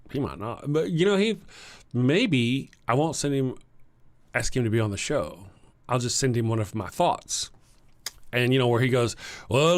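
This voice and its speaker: A medium-pitched man from Texas, Texan accent and all, hosts a casual livestream. He greets viewers and reads their comments in a halting, rambling manner, chuckling often.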